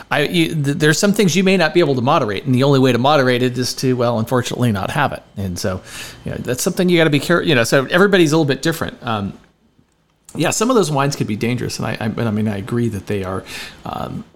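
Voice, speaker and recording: A man co-hosting a podcast in casual chat, rambling and halting with many restarts. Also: medium pitch, a little hiss or hum. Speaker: podcast co-host.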